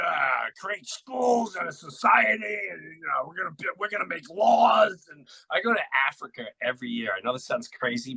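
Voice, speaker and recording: Bright-voiced man telling stories. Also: mid-range voice, no room sound, rough recording. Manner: animated, acts out quotes, emphatic. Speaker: podcast guest. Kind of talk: conversational storytelling.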